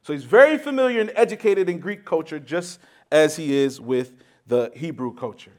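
A man with a high voice delivers a sermon, explaining a passage point by point. He leans into key words, restarts phrases and checks in with the congregation as he teaches. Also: expressive, moderate pace, darkish tone. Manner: emphatic teaching with frequent restarts and rhetorical "right?". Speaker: preacher.

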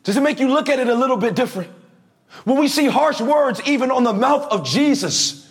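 A male preacher with a very high voice delivers a lively sermon in a church. He talks straight to his congregation, asking them to answer back and raise their hands. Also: normal speed. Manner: energetic, preaching with calls to the congregation.

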